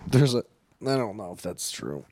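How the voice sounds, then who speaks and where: Deadpan man, low voice, dry sound. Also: normal speed, breathy edge, dry recording. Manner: deadpan and brash, describing violent moves matter-of-factly. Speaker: player in an improvised heist game. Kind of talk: casual improvised comedy.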